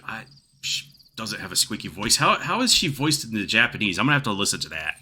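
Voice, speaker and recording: A man's voice: lowish voice, big pitch swings, quick pace, sharp tone, slightly rough. A man playing a role-playing game and giving casual commentary with wry, joking asides. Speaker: gaming video host.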